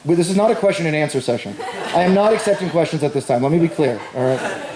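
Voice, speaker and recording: A man's voice: a little high, lively intonation, fast talker, a crowd in the background. A man doing a stand-up comedy set, telling a rambling self-deprecating story and bantering with the audience. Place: large echoey venue with live audience. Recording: roomy live stage recording.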